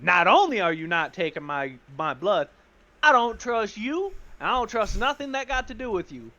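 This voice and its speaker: A hot-tempered nobleman who snaps back in tough street slang, as a man puts him on. The voice rides high and loud with lively swings, bright and edged. The recording sounds a little muffled. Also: normal speed, exaggerated voice. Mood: defensive.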